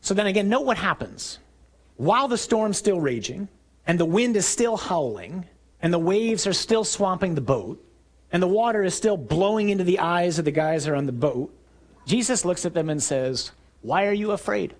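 Animated preaching man. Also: high voice, normal speed. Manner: animated storytelling, acting out shouts. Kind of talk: sermon.

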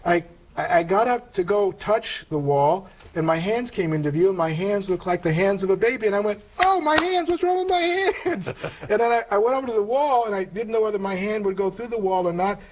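Older man, slightly high voice, earnest reflective storyteller, halting restarts. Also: darkish tone, rough recording. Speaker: interview guest telling a conversion story. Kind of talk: personal testimony in conversation.

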